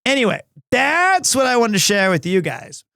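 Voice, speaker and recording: A man's voice: very high voice, big pitch swings, moderate pace, creaky, bright, forceful tone, no echo, studio quality. A man hosting a game livestream, chatting casually in a gushing, rambling way and often repeating his words. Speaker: livestream gamer host. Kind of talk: casual stream chat.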